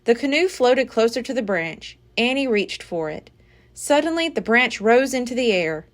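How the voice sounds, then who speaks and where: A woman with a fairly high-pitched voice dramatizes a children's book for library listeners. She reads expressively at a moderate pace.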